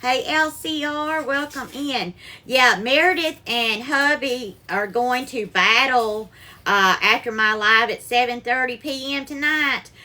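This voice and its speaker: A woman's voice: high voice, a little slow, sharp tone. A woman hosting a live-stream cooking show from her kitchen, greeting viewers by name and calling them darling.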